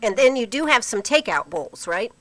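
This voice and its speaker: A woman hosting a radio talk show in a chatty, easy manner, her voice hoarse. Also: on the high side, sing-song, normal speed, fairly bright tone, rough recording. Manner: chatty, laughs easily. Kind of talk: casual on-air chat.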